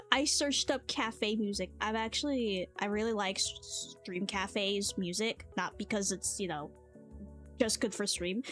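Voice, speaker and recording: A woman's voice: mid-range voice, a bit bright. A woman streamer chatting casually, rambling and playful, laughing often. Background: faint cafe music.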